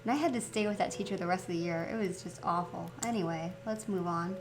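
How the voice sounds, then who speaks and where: A woman chatting casually as she plays through a story game, reflective and quick to laugh. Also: lowish voice, over music. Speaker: let's play host.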